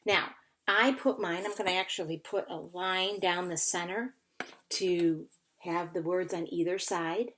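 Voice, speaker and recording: A woman's voice: on the low side, steady tone, unhurried, fairly bright tone. A woman teacher giving a recorded phonics lesson to children, patiently sounding out and spelling words. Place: indoors at a whiteboard.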